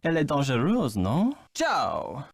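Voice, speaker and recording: A flirtatious French ski instructor in a mystery video game, his French accent suave and teasing. His voice swoops widely in pitch, recorded close and dry. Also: huge pitch swings, a little slow, creaky, husky, no echo, exaggerated voice.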